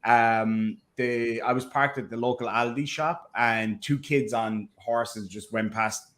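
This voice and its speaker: A chatty Irish man whose accent has been softened by life abroad. He talks casually and tells stories with animation. His voice sits at an ordinary pitch for a man. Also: slow. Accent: Irish, softened by living in America. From Ireland. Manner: chatty storyteller, animated, slipping into impressions. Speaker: podcast co-host. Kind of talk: casual chat.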